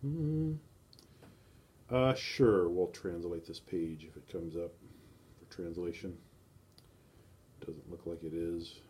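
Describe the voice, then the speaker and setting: Male streamer, lowish voice, casual rambling monologue, filler-heavy. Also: takes it slowly, long pauses, dark tone, a little hiss or hum. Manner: rambling, thinking aloud with many fillers. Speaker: streamer browsing estate sale listings. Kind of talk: casual live-stream musing.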